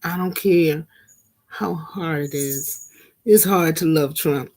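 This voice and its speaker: A woman's voice: low voice, slow, a little mellow. A middle-aged woman hosting a casual live vlog, preaching in a loose, repetitive way and laughing now and then. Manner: preachy, repeats phrases for emphasis, laughs at things. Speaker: vlog host and minister. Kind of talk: casual live-stream commentary.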